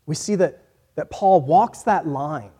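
Man, pastor, sermon, earnest, mellow tone, somewhat high voice. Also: takes it slowly, breathy edge. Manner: earnest, rises and falls from quiet to emphatic.

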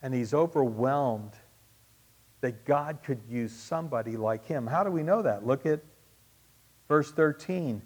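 Slow, dynamic man preaching a sermon. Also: mid-range voice, lively intonation, husky. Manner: swings from loud emphatic peaks to hushed asides; repeats key phrases for emphasis. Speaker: pastor.

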